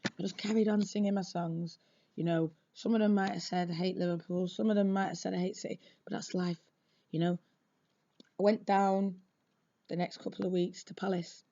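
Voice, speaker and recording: A woman football supporter telling a casual story in a chatty, lively and blunt way, on a dull lo-fi recording. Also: lowish voice, normal speed.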